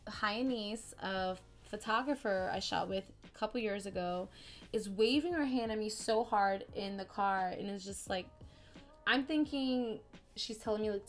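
Slangy, animated woman podcaster. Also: medium pitch. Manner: animated, slangy, swings between excited and hushed. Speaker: podcast host. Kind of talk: casual spiritual podcast monologue.

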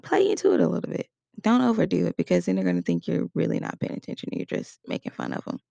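A woman's voice: fairly low pitch, wildly swooping pitch, fast, vocal fry, dark tone, no room sound, dull audio. A woman giving a casual spoken lesson in a conversational way, acting out short example quotes. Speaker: instructor.

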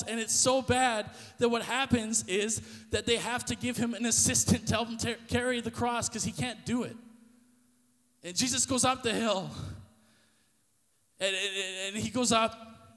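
Male preacher, high voice, intense storyteller who often restarts his words, long hall reverb. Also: a bit bright. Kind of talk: sermon.

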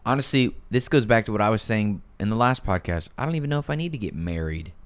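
A man's voice: fairly low pitch, expressive, fast, clear, resonant tone. A man hosting a podcast, talking in brash, crude, teasing banter with his co-hosts. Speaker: podcast host.

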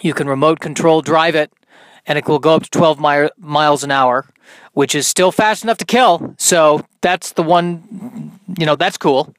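A young man with a high tenor voice hosting a solo podcast, rambling in a dry, self-mocking way with many ums and restarts. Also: moderate pace, fairly bright tone, dry recording. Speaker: podcast host. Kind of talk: solo comedic podcast monologue.

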